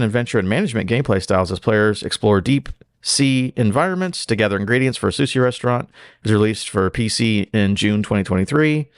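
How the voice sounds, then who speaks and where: A man's voice: fairly low pitch, dry recording, studio quality. A man hosting a casual gaming podcast, cracking jokes and reading off facts. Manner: joking, then reads facts off notes. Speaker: podcast host.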